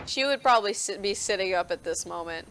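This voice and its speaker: A woman's voice: medium pitch, expressive, fast talker, a bit bright, slight background noise. A woman narrating a tabletop game as game master, rambling with fillers and hedges.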